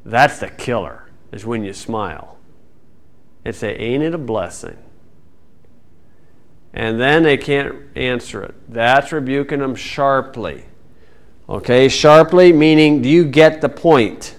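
A man's voice: medium pitch, a little slow. A man teaching the Bible in a folksy sermon style, with sarcastic asides and mocking voices.

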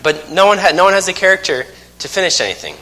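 A man's voice: sits high, very animated, quick pace, sharp tone. A man in his thirties preaching a sermon, telling folksy stories with self-mocking humor. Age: 30s. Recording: long hall reverb.

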